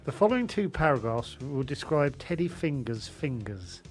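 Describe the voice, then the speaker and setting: A man's voice: medium pitch, big pitch swings, soft background music. A man co-hosting a comedy podcast, teasing his co-hosts, swearing and reading out listener letters. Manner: teasing, swearing, quick to laugh. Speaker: podcast co-host.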